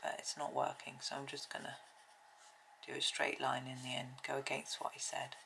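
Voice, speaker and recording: Low, gravelly, soft-spoken woman. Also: completely flat delivery, moderate pace, slight background noise, poor audio. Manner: gentle, rambling, often drops to a near whisper. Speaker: colouring video host. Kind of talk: soft-spoken colouring tutorial chat.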